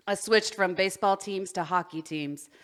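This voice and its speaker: A woman co-hosting a podcast, reading a story aloud, stumbling over words and breaking into giggles. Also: medium pitch. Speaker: podcast co-host.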